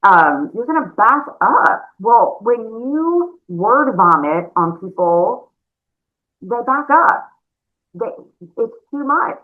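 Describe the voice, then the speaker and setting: A woman giving a conversational sales training talk, chatty and animated, calling her listeners y'all. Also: a little high, takes it slowly. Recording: narrow phone-like sound.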